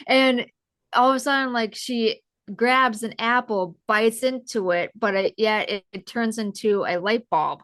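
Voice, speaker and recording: A woman's voice: a little high, unhurried, a bit bright, no room sound. A woman co-hosting a podcast, chatting loosely about a film with many fillers. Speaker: podcast co-host. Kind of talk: casual film chat.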